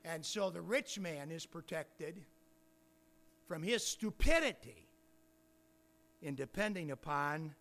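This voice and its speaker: A man preaching a sermon, firing rhetorical questions and building to emphatic shouts. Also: a little high, expressive, takes it slowly, pauses often.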